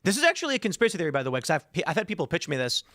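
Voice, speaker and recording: A man hosting a casual political panel, telling animated stories and acting out quotes. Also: a little high, very fast, dry recording, studio quality. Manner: animated storyteller, acts out quotes. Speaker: host.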